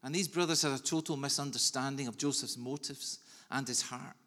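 A man preaching a sermon in an earnest, measured way with soft pauses. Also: mid-range voice, steady tone. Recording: long reverb of a large hall.

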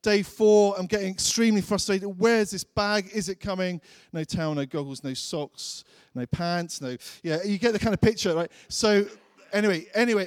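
In a fairly high voice captured with clean studio sound and no echo, a man preaches a sermon. He tells a personal story in a chatty way, acting out his own thoughts.

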